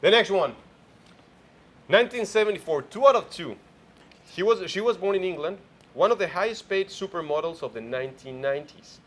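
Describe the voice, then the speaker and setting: A man's voice: sits high, lively intonation, brisk, fairly bright tone. A man hosting a morning show in casual chat, playfully quizzing his co-host.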